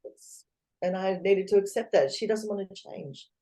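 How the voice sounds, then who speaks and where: A woman's voice: medium pitch, moderate pace. A woman, a guest in a casual interview, talking animatedly and acting out what others say. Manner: animated, acts out quoted voices, laughs often.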